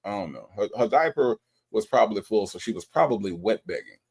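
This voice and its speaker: A man's voice: on the low side, expressive, a little fast, creaky, darkish tone, breathy edge. A man hosting a casual livestream, reading chat comments aloud and joking, often stumbling and repeating himself.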